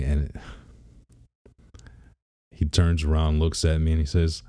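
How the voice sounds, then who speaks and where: A man's voice: a bass voice, flat delivery, normal speed, pauses often, dark tone. A man in his thirties, a father, talking casually in a rambling, laid-back way and laughing now and then. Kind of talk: casual personal vlog.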